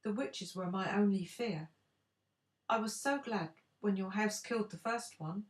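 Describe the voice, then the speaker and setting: An older woman voicing a timid little old man who pretends to be a wizard, croaky and sheepish, in a storybook reading. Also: mid-range voice, a little slow, echoey room, voice pushed up, natural voice. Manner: sheepish, fumbling.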